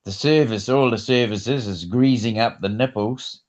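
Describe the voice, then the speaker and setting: A man's voice: mid-range voice, moderate pace, a little mellow. A man, chatting casually on a livestream and swearing freely with slang. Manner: swears freely, uses slang like "bloody" and "crikey". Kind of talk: casual chat. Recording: muffled livestream audio.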